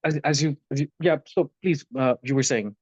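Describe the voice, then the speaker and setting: A man, a podcast guest thinking out loud in casual conversation with hesitant restarts. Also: fairly high pitch, a little fast, slightly rough, no room sound, lo-fi sound. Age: 30s.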